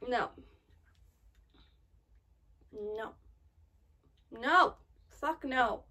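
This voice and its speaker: Excitable young-sounding woman reacting to anime. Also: high-pitched, a little slow, long pauses, distant mic. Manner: excitable, gasps and frets aloud, swears often. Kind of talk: live anime reaction commentary.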